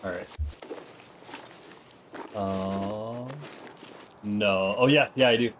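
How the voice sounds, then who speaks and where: A man's voice: lowish voice, fairly even intonation, extremely slow, background noise. A young man with a slight Minnesotan accent, a streamer and former Marine, chatting loosely and profanely while playing a game. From Minnesota, USA. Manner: loose, rambling, profane banter. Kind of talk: casual gaming chat on stream.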